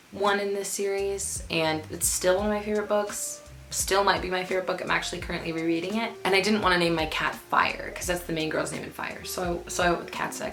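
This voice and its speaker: A woman's voice: mid-range voice, bright, forceful tone. A woman in her twenties chatting casually to camera as a book vlogger, gushing and emphatic, repeating words for stress. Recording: echoey room with faint music.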